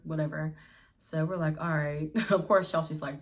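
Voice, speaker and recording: A woman's voice: sits low, moderate pace. A young woman in a casual storytime vlog, chatting to viewers at home and calling them y'all. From Pittsburgh area, US. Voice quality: lively, swears freely, addresses viewers as y'all. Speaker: vlogger.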